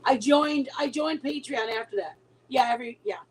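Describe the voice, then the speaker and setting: A woman's voice: high-pitched, normal speed, slightly rough, poor audio. A middle-aged woman chatting casually with her viewers, telling a long story with many restarts and trailing thoughts. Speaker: livestream host.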